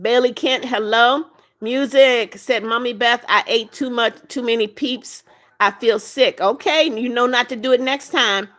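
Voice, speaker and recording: A woman's voice: on the high side, a little slow, fairly bright tone. A woman hosting a live stream, reading viewer comments aloud and answering each one briefly in a motherly way. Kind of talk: casual live-stream chat.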